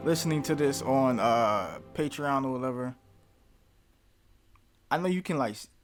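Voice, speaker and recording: A man's voice: mid-range voice, normal speed, music in the background. A man hosting a movie reaction who jokes and talks back to the screen, now and then breaking into mock screams. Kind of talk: casual chat over a movie.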